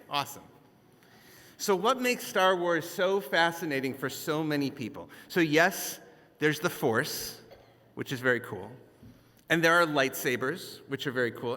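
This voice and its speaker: A man's voice: fairly high pitch, bright, forceful tone. A man, a rabbi, giving a conversational sermon with jokey asides to the audience in a temple sanctuary. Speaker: rabbi, guest scholar. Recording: long echoing reverb of a large hall.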